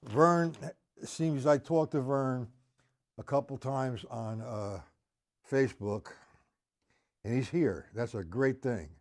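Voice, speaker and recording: A man teaching a live-streamed drum lesson, patiently explaining and counting rhythms out loud, with faint drumming behind him. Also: mid-range voice, takes it slowly, long pauses.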